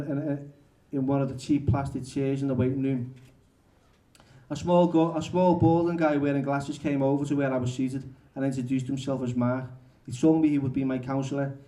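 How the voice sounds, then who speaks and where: A male author reading his memoir aloud at a bookshop event, halting and correcting himself as he goes. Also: medium pitch, steady tone, dark tone. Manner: halting, restarts and self-corrections.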